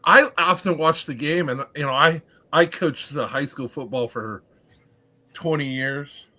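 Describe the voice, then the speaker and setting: A man who coaches high school football, talking on a podcast panel in a wry, self-deprecating way. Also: measured pace, pushed and bright. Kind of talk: casual podcast chat.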